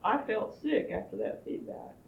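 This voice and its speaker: A woman's voice: medium pitch, wildly swooping pitch, moderate pace, gravelly. A woman at a training workshop pouring out her anger, swearing and near tears, recorded in a room with a group around her. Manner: angry, swearing, pouring out frustration. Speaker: workshop participant. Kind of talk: emotional group process sharing. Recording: muffled roomy workshop recording.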